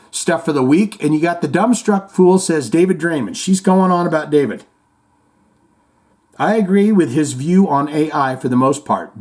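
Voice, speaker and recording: A middle-aged man hosting a casual podcast, reading listener comments and jokes aloud and telling stories with silly voices. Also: on the high side. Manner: animated storyteller, jumps into silly voices and reads jokes. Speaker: podcast host.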